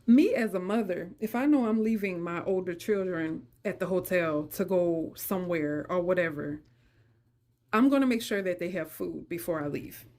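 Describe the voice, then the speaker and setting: A woman's voice: fairly low pitch, normal speed, darkish tone. A middle-aged woman hosting a podcast, telling a personal story in an emotional, conversational way and speaking straight to her listeners. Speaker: podcast host.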